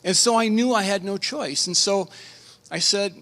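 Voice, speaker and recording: A middle-aged man, a pastor, telling a personal testimony at a conference, earnest and emotional, with halting restarts. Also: high voice, fairly bright tone. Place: conference hall. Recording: reverberant conference hall.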